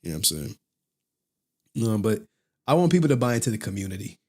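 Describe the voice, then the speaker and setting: A man's voice: lowish voice, big pitch swings, quick pace, a little mellow, slightly rough. A man hosting a casual livestream chat, talking loosely in slang, swearing and laughing often. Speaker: streamer and channel host.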